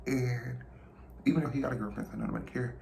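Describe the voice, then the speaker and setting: A young adult vlogger telling a story in an animated, profane, gossipy way. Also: mid-range voice, quick pace, vocal fry. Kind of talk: casual storytime vlog. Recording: roomy room, faint noise.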